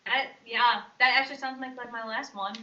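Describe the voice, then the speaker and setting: A woman's voice: on the high side, fairly even intonation, brisk, lo-fi sound, crowd noise. A woman from Chicago, a guest chatting on a stream, trading playful teasing banter. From Chicago, United States. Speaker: guest on a chat roulette stream. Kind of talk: casual chat.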